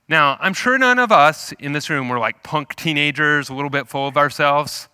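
A man preaching a sermon, retelling a scripture story in an animated, storytelling way. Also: a little high, moderate pace, smooth, dry recording, studio quality. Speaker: pastor.

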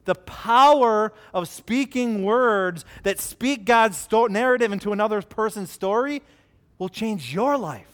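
A man's voice: high-pitched, lively intonation, unhurried, a bit bright. A man in his thirties preaching a conversational sermon, earnest and direct, telling stories from his family life.

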